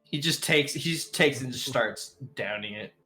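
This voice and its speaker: A man's voice: mid-range voice, sharp tone, soft background music. A man playing a tabletop game, describing his character's actions in an easygoing way. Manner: slow, easygoing in-character speech. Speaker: player.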